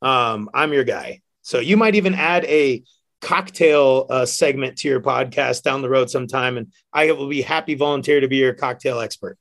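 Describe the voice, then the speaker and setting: A man, a bartender guest, telling stories casually, animated and laughing often. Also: mid-range voice, moderate pace. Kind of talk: casual storytelling.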